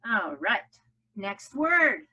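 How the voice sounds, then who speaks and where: A woman's voice: medium pitch, very animated, extremely slow, sharp tone, breathy edge. A woman teaching a phonics lesson to children, upbeat and coaxing them to chant along. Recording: dull lo-fi home video audio.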